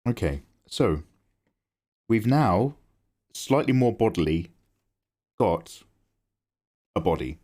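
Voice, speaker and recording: A man talking casually to his viewers on a live drawing stream, his pitch leaping up and down whenever something delights him. He swears freely and gets excited easily. His voice sits close on the microphone. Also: slow, long pauses.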